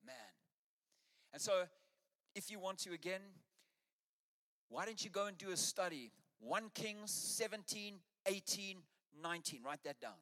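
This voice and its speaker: A man's voice: sits high, animated, a little slow, pauses often, bright, forceful tone, in a large hall. An Australian man preaching a sermon to his church, rousing and urging the congregation on. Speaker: pastor.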